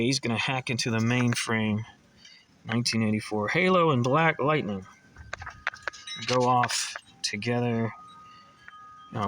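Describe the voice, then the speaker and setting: A man's voice: mid-range voice, noisy background. A man casually reading through comics, chatting and rambling in asides and stumbling over words now and then. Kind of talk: casual comic read-along.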